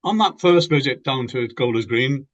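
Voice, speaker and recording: A man's voice: mid-range voice, expressive, normal speed. Older British man reminiscing, muffled audio. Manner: rambling, repeats words when starting sentences. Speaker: interviewee, former band member. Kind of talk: reminiscing interview.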